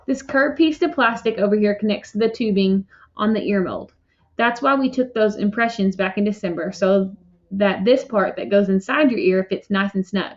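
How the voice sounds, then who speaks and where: A woman's voice: medium pitch, moderate pace, lightly acted. Woman doing a chatty, reassuring male doctor. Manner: upbeat and reassuring. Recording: dull lo-fi recording.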